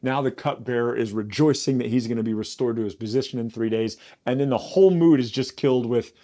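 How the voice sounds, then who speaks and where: A man who is a pastor, teaching through a Bible passage in a casual way. He is animated, repeats himself when worked up and rises into excited disbelief. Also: medium pitch, normal speed.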